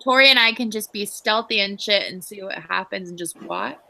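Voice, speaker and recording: A woman's voice: mid-range voice, fairly quick, vocal fry, pushed and bright, low-quality recording. A woman player in a casual tabletop game chat, talking with many fillers and often laughing.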